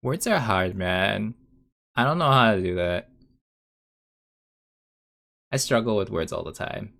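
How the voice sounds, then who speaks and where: A man's voice: fairly low pitch, lively intonation, a little slow, vocal fry, fairly bright tone. A young man chatting casually while he draws on a live stream, rambling and muttering to himself with a self-mocking manner. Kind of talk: casual chat while drawing.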